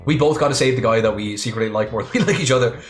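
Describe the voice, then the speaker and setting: A woman's voice: very deep voice, racing, roomy sound, soft background music. Sarcastic, swearing woman gamer. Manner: sarcastic, profane, animated. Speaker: let's-play host. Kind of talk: voice-acted game playthrough commentary.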